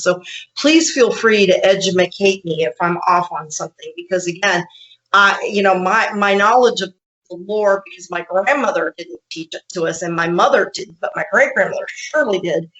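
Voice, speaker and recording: A woman podcast host telling an animated story in casual conversation, laughing often and acting out what people said. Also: lowish voice, dull audio.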